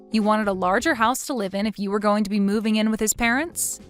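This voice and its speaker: A woman's voice: mid-range voice, quick pace, faint music behind. A woman reading a scripted text story aloud in a firm voice. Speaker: story narrator.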